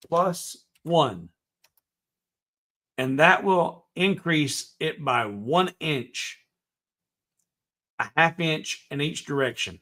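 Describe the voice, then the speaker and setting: This woodworking livestream host has a sharp-toned voice pitched a touch above most men's. He rambles in a folksy, unhurried way through a casual live tutorial in his home workshop, humming little tunes and reading viewer comments aloud before answering.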